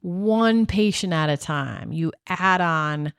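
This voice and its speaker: A woman's voice: fairly low pitch, takes it slowly, smooth, no room sound. A woman co-hosting a podcast in casual chat, talkative, often laughing and acting out quoted colleagues. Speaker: podcast co-host.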